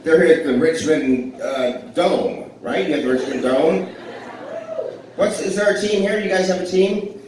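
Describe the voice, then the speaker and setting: A man's voice: on the high side, unhurried, background noise. A man in his forties doing live stand-up in a club, telling rambling, self-deprecating stories and riffing with the crowd. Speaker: stand-up comedian. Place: blues club stage with a live audience. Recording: echoey club heard from far off.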